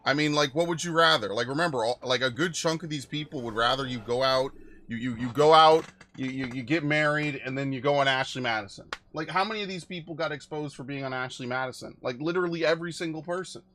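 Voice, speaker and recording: A man's voice: medium pitch, fast, sharp tone, a little hiss or hum. A man streaming a game, chatting casually and rambling with frequent swearing and asides. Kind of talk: casual gameplay commentary.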